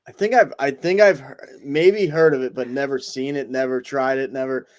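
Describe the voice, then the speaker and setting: A hesitant man co-hosting a sports podcast, thinking aloud with plenty of fillers. His voice is smooth and clear, recorded close and dry, at an average pitch for a man. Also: fairly even intonation, normal speed, dry recording. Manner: hesitant, many fillers and restarts, thoughtful. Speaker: podcast co-host. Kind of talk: casual sports chat.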